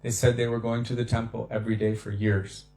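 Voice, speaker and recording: Animated male devotional speaker, echoey room. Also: medium pitch, a little fast, faint music behind. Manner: animated storyteller who acts out quotes. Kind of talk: devotional talk on scripture.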